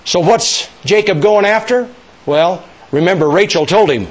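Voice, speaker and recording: A man preaching a sermon, emphatic and rising to near-shouts, leading call-and-response with his congregation. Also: sits high, normal speed.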